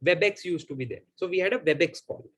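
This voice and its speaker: A man, hosting a live Q&A and telling a personal story to his audience in an animated, emphatic, repetitive way. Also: high-pitched, fast talker. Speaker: host of a live Q&A.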